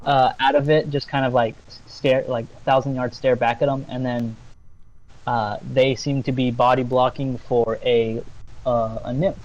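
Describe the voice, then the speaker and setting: A man running a tabletop game, narrating casually and haltingly with many fillers. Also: mid-range voice, level tone, a little mellow, dull audio. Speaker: game master.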